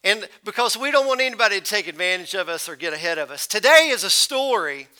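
A man's voice: high voice, expressive, fast, bright, forceful tone, smooth. A male pastor preaching a sermon, telling a folksy story to his congregation.

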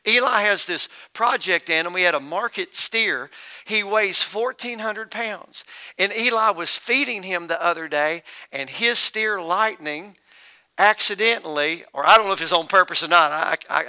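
Male pastor, middle-aged, clear crisp voice, casual storytelling sermon delivery. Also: high-pitched, sharp tone. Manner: conversational, joking storyteller.

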